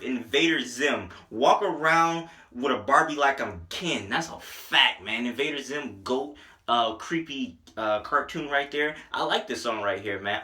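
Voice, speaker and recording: High, bright-voiced young man joking around. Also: normal speed. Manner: animated, profane, joking, raps lyrics along. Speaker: music reviewer. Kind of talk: casual album review. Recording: echoey room.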